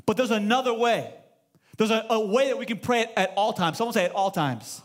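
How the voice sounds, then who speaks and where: A man's voice: sits high, brisk. A man in his thirties, a pastor giving a sermon in a church and telling stories with acted-out dialogue. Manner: animated storytelling, acts out dialogue. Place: church sanctuary.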